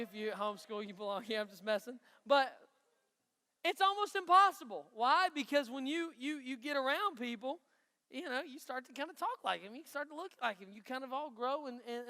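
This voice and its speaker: A man with an East Tennessee country accent preaches to a youth crowd in a chatty, folksy way and keeps asking them questions. His voice sits very high, sharp and bright. It rings through a big hall with a long reverb tail. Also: animated, brisk. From Knoxville, Tennessee. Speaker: youth pastor. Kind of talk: youth sermon.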